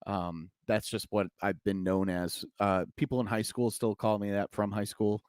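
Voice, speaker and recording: A man who works as a pastor talks in a relaxed, jokey way. He tells a story with put-on voices, and his voice sits a little low. The room is dry, with no echo. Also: normal speed, clear, resonant tone. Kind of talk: casual chat.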